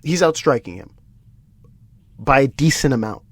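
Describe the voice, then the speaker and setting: A man's voice: medium pitch, animated, normal speed, slightly rough, dry recording. A man hosting a solo podcast, ranting with exasperation, swearing and often restarting his sentences. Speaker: podcast host. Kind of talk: solo MMA podcast commentary.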